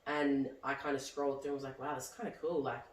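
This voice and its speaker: A man's voice: medium pitch, little pitch movement, fast. A young man, chatting casually as a podcast guest and rambling with lots of "like". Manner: rambling, heavy use of "like". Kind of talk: casual chat. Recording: roomy echo, distant mic, faint background noise.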